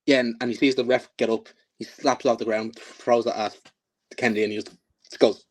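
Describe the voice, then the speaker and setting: A young man in his twenties chatting as a podcast guest, laid-back and halting, often restarting his sentences. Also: medium pitch, fairly even intonation. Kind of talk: casual chat.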